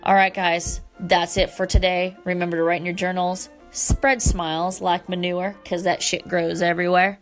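A woman's voice: on the low side, little pitch movement, normal speed, hardly any pauses, faint music behind. A woman hosting a solo talk show, speaking earnestly and from the heart to her listeners, with the odd casual swear word. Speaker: podcast host.

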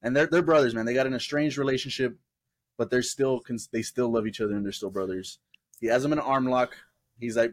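A man's voice: medium pitch, a little fast, no room sound. A young adult man co-hosting a casual podcast, who tells stories with energy and acts out what people said. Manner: animated storyteller, acting out quotes. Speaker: podcast co-host. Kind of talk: casual chat.

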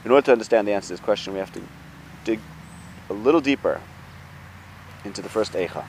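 A man's voice: fairly low pitch, expressive, fast, a little mellow, slight background noise. A man giving an informal Torah lesson, talking things through conversationally with rhetorical questions and restarts. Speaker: Torah teacher.

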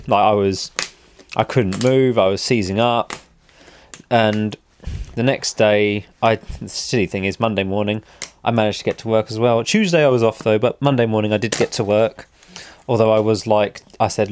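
A man's voice: mid-range voice, normal speed, darkish tone, slight background noise. A man, a motorcycle vlogger, telling a story in a casual, rambling and wry way, often correcting himself.

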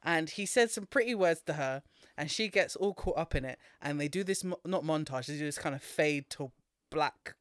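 A speaker, co-hosting a casual podcast and retelling a film in an animated way, laughing often and swearing freely. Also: mid-range voice, normal speed, smooth, dry recording, clean studio sound. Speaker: podcast co-host.

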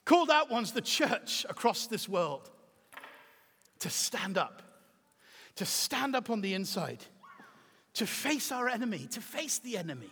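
A middle-aged man preaching a sermon as pastor, emphatic and swinging from soft to shouting. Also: sits high, big pitch swings, a little slow, pauses often, husky. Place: church auditorium. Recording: reverberant hall.

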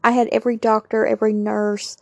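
A woman's voice: on the high side, level tone, brisk, vocal fry, darkish tone, no echo, clean studio sound. A young woman, candidly telling a personal story on her podcast with emphatic asides to listeners. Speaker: podcast host.

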